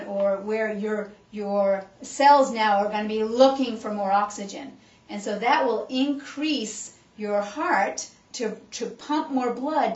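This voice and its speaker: A woman chiropractor giving an animated exercise talk, coaching her listeners along as she demonstrates. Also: fairly high pitch. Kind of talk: animated instructional talk to a group. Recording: echoey room, voice picked up from a distance, dull sound.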